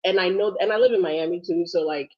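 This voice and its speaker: A woman from Ghana co-hosting a casual livestream chat, a little under the weather, chatty and quick to laugh. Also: lowish voice. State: sick, struggling. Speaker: co-host. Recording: dull lo-fi sound.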